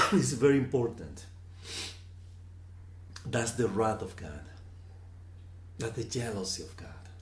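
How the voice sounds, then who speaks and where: A man giving a slow, earnest reflective teaching on scripture, often repeating words for emphasis. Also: mid-range voice, sharp tone, reverberant. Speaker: spiritual teacher.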